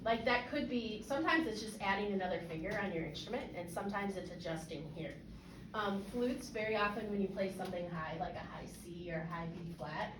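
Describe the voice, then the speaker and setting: A woman's voice: medium pitch, recorded from a distance, background noise. Woman coaching a band in an echoey room. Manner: casual, encouraging, lots of fillers and checks for understanding. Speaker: band clinician. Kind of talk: coaching a student ensemble. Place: rehearsal room.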